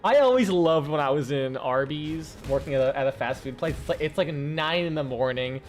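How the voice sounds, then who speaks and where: A man's voice: fairly high pitch, lively intonation, fairly quick, soft background music. A young man with a light Southern US accent, chatting casually while streaming a game, rambling, swearing and restarting his sentences. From American South. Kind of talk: casual gameplay commentary.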